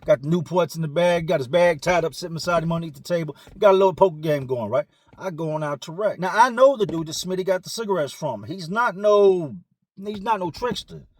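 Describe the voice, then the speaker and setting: Guy telling a story real fast, casual slang, kinda higher voice, dry close sound. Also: expressive, no echo. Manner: slangy, conversational, acts out quotes.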